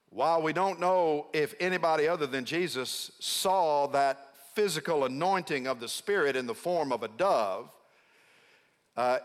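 A man's voice: mid-range voice, a bit bright. Emphatic middle-aged male pastor preaching. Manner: emphatic, prompts congregation responses; slows down to stress key words. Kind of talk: sermon. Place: large church sanctuary. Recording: long hall reverb.

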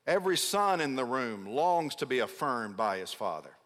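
A middle-aged man preaching a sermon as a pastor. He stresses key words by slowing down and calls on the congregation to answer back. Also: mid-range voice, very animated, a bit bright. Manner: emphatic, prompts congregation responses. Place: large church sanctuary. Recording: long hall reverb.

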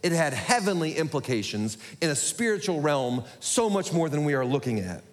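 A man preaching a sermon to his congregation, talking quickly with self-deprecating humor. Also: fairly high pitch, very animated. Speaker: pastor. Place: church sanctuary. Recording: echoey hall.

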